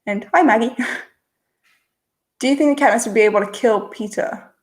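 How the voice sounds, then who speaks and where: A young woman hosting a casual livestream, reading out chat questions and answering in a relaxed, chatty way, thinking aloud before she replies. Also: fairly high pitch, moderate pace. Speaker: channel host.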